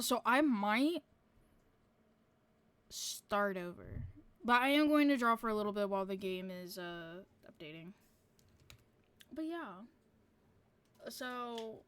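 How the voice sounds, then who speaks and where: Woman, streamer, casual rambling chat, fillers, swears, slightly high voice, dry close sound. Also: fairly bright tone, clean tone, dry recording.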